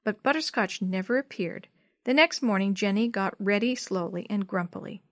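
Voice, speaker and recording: A woman narrating a children's chapter book in a clear, steady storytelling voice. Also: mid-range voice, normal speed, dry recording, studio quality.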